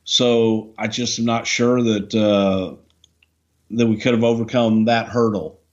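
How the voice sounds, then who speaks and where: A man's voice: lowish voice, steady tone, a little slow, dull audio. An older man, co-host of a podcast, talking in a blunt, dry and teasing way in casual chat. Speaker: co-host, wrestling veteran.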